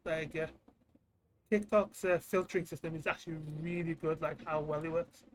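Relaxed male podcast host. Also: fairly high pitch, normal speed, slight background noise, rough recording. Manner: relaxed, loosely phrased questions. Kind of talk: casual podcast interview.

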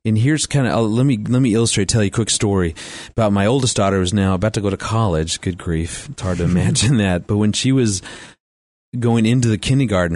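In a storytelling talk woven with faith references, a middle-aged man chats about marriage and family, frequently laughing and starting sentences over. His voice is lowish with a darkish tone, and the recording is dry.

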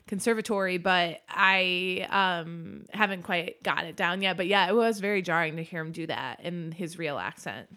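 A woman's voice: lowish voice, normal speed, few pauses, pushed and bright. A woman co-hosting a comedic podcast, playful and theatrical, laughing often. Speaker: podcast co-host.

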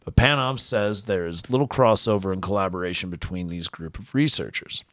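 A man's voice: deep voice, a little fast, a bit bright, no echo, clean studio sound. A man co-hosting a podcast, reading a news story aloud in casual chat with frequent fillers and restarts. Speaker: podcast co-host.

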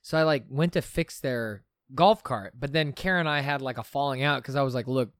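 A man's voice: mid-range voice, a little fast, no room sound. A young man in casual chat, telling stories animatedly with plenty of fillers. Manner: animated storyteller, lots of fillers.

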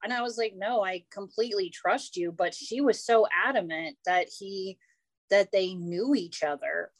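A woman co-hosting a podcast, telling a story in a lively, animated way. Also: mid-range voice, moderate pace, no room sound. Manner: animated, acts out voices in her stories. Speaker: podcast co-host. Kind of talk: casual storytelling chat.

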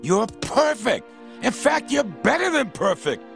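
An actor voicing a fawning middle-aged cartoon studio boss in an animated cartoon, gushing with praise. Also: male voice, very high-pitched, unhurried, gravelly, raised voice, faint music behind, full character voice.

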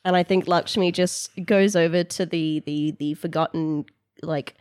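A woman's voice: sits low, fairly even intonation, measured pace, darkish tone, clean tone, no echo. A woman playing in a tabletop game, narrating her character's actions in a casual, meandering way. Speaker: player.

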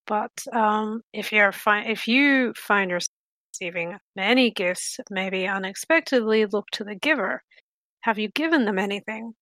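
Woman calmly summarizing on a podcast. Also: mid-range voice, moderate pace, dry recording. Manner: steady, explanatory, with fillers. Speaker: podcast co-host. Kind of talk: casual chat summarizing a text.

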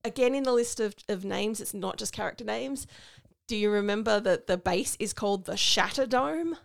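An Australian woman walks through a film plot with wry asides in casual podcast chat. Her voice sits mid-range with a gravelly fry. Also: mid-range voice, moderate pace. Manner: wry, storytelling recap. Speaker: podcast co-host.

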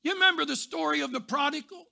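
A man preaching a sermon, telling stories and rising to shouts before dropping soft. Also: extremely high pitch, quick pace, creaky. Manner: builds to shouting, then drops soft. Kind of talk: sermon with storytelling.

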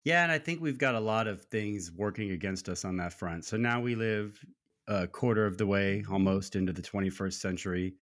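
American male co-host with a very deep voice, earnest and thoughtful. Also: a little fast, fairly bright tone. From United States. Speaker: podcast co-host. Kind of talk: casual faith podcast chat.

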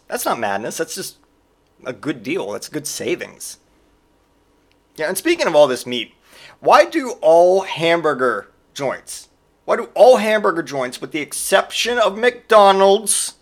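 A man's voice: fairly high pitch, a bit bright. A man in his forties hosting a podcast, delivering a sarcastic, profane comedic rant in casual monologue. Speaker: podcast host.

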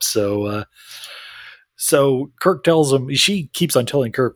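A man's voice: medium pitch, expressive, a little slow, no room sound, studio quality. A man co-hosting a podcast, retelling an episode in casual chat with mock quotes and frequent laughter. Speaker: podcast co-host.

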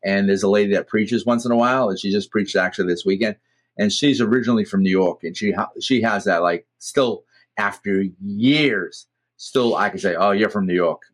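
A man's voice: fairly low pitch, a little fast. A middle-aged man with a Boston accent, hosting a podcast and telling rambling stories with many restarts. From Massachusetts. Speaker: podcast host. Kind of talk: casual chat.

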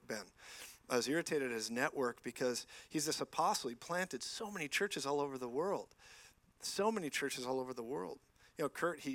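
A man's voice: on the high side, fairly bright tone, dry recording. A man preaching a sermon in church, telling stories animatedly and acting out the dialogue.

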